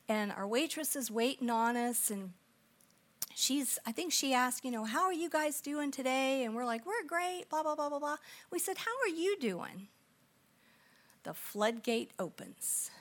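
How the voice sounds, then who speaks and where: A middle-aged woman preaching a storytelling sermon, animated and acting out the people in her story, then dropping to soft, intense tones. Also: a little high. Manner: animated, acts out quoted voices, drops to soft intense tones.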